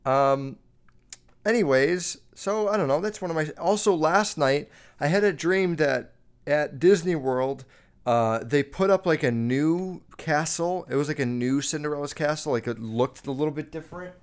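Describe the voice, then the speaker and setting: A man's voice: normal speed, clear, resonant tone. Rambling, foul-mouthed podcaster man. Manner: rambling, heavy swearing, lots of "like"; animated, jumping up and down in pitch while recounting. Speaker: podcast host. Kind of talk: casual storytelling monologue.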